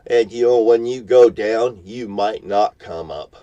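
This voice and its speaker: A man's voice: lowish voice, unhurried, hardly any pauses, warm tone. A man ranting at the camera from his parked vehicle in a profane, threatening, preachy tone. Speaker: vlogger.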